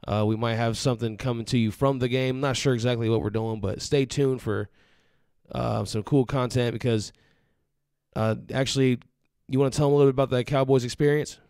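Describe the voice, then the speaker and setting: A man hosting a postgame fan chat, steady and upbeat as he plugs the show. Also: medium pitch, brisk, clean tone, no room sound, clean studio sound. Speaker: host.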